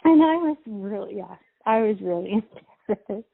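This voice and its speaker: A middle-aged woman, a mother, casually telling a personal story in a rambling, halting way with many fillers and restarts. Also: mid-range voice, expressive, creaky, breathy edge, dry recording. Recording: tinny phone-like sound, dry.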